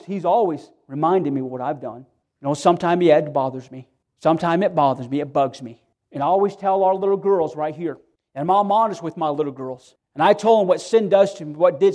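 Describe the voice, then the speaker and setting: A middle-aged male pastor with a somewhat high voice preaches an earnest sermon in a church. He talks in plain, heartfelt phrases, often stumbling and restarting. His pitch and loudness rise and fall widely as he pleads with his listeners. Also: brisk.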